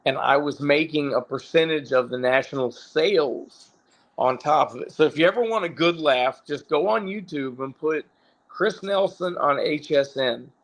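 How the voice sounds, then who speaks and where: A man's voice: on the high side, moderate pace. A middle-aged man, a former pro wrestler, telling stories casually with swearing and frequent self-corrections. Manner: rambling, profane, self-correcting. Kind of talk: casual storytelling.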